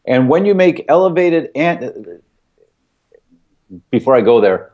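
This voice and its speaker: A man's voice: mid-range voice, a little mellow. Middle-aged guy guest explaining stuff on a podcast, really emphatic, voice goes up and down a lot. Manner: emphatic, repeats key points with vivid analogies. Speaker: guest expert.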